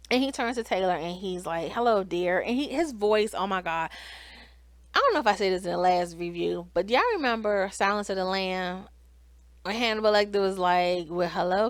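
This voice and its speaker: Woman, casual TV review, animated, chatty, dry recording, mid-pitched voice. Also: dry recording. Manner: animated, chatty, addresses viewers as y'all. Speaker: TV show reviewer. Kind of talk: casual recap commentary.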